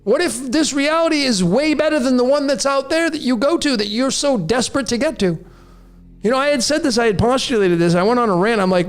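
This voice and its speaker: A man's voice: extremely high pitch, lively intonation, fairly quick, soft background music. A man in his late forties hosting a podcast, delivering a raw, preachy rant straight to his listeners. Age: 40s. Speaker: podcast host. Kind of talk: monologue to listeners.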